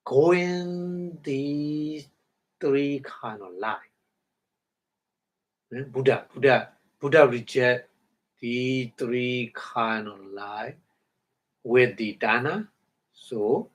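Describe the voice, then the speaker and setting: A man giving a Dhamma talk in halting English, breaking Pali words into syllables, often chuckling and asking if listeners follow. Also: medium pitch. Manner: halting non-native English, chuckles often, checks understanding. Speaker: meditation teacher.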